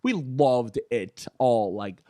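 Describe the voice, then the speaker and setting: A man in his thirties talking candidly as a podcast guest, animated and often laughing. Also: medium pitch, slow, no room sound, clean studio sound. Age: 30s. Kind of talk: casual conversation.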